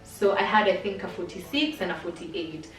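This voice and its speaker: A woman's voice: medium pitch, animated, moderate pace, distant mic. A young adult woman telling a personal story to camera in a candid, chatty way, with many fillers. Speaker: vlogger. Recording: roomy sound from off-mic, faint music.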